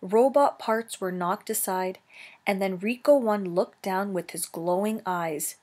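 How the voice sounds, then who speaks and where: A woman teacher reading a children's novel aloud, slow and careful, correcting herself now and then. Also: medium pitch, darkish tone.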